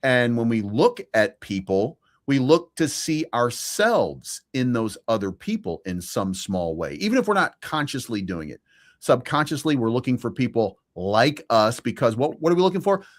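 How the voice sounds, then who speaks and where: Opinionated man in mid pitch. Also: big pitch swings, normal speed. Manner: opinionated, speeds up in bursts, swears. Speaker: podcast co-host. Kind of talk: casual opinion chat.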